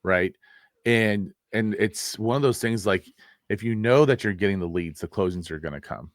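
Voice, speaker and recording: A man with a very deep voice co-hosting a casual podcast, recorded dry and close. He gives plainspoken advice, trailing off and restarting as he thinks. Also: moderate pace, no echo. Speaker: podcast co-host, real estate coach.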